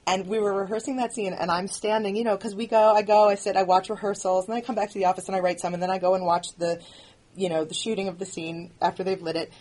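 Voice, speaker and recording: In an audio commentary, a woman who writes and produces the show speaks frankly. Her medium-pitched voice is flat and a little mellow, and she phrases things earnestly, haltingly, restarting often.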